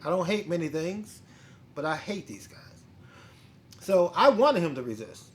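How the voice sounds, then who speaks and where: Male host with a fairly high voice, a casual, profane storyteller who quotes the people in his story. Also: moderate pace. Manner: blunt, profane, animated retelling with quoted dialogue. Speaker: bounty hunter and podcast host.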